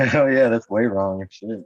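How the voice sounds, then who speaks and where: A man from the US West Coast talking in a quick, profane, casual chat, a little away from the mic. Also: lowish voice, dry recording, lo-fi sound.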